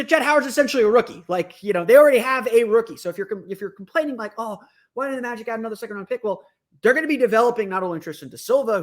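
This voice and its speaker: A man's voice: high-pitched, fairly bright tone. A man hosting a solo sports podcast, thinking aloud with frequent restarts and fillers. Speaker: podcast host.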